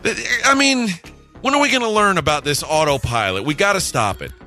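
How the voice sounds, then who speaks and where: A lively man co-hosting a sports talk show, mocking and ranting with a bright, forceful tone. His pitch swings widely as he talks, and faint music sits behind him. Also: brisk. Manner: animated, mocking, jumps between ideas. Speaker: sports radio co-host. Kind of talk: casual radio banter.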